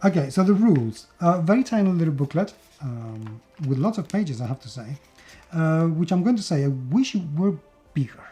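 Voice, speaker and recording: A man's voice: fairly high pitch, sing-song, moderate pace, mellow, faint music behind. A man from Spain with a Spanish accent, chatting enthusiastically through a board game unboxing with plenty of fillers and restarts. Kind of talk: casual unboxing video.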